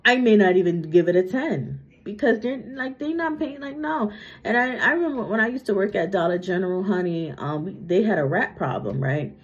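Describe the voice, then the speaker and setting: A psychic medium, a young adult woman, rattles through a reading briskly and expressively with few pauses, her voice on the low side. She chats casually, tags lines with "right?" and "okay?", and slurs a bit because of a retainer, all heard on a muffled lo-fi recording.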